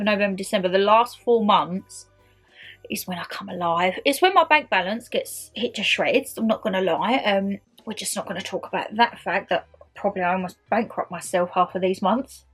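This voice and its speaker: A woman's voice: medium pitch, a bit bright. A woman in her twenties chatting casually to camera in a year-end vlog, bubbly and friendly, calling her viewers "my lovelies". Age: 20s. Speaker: YouTuber.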